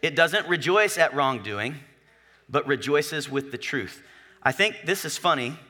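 A man preaching to his congregation with a bright, forceful voice pitched a little high. He talks loosely and jokes, checking in with the room again and again. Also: expressive, unhurried. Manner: conversational, joking, asks the congregation questions. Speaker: pastor. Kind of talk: sermon.

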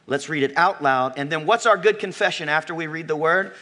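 Man pastor, sermon in church, bright slightly high voice, emphatic swings between soft asides and loud calls, drawn-out stressed words. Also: lively intonation. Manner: emphatic preaching, rising to near-shouts, slowing for stress. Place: church sanctuary.

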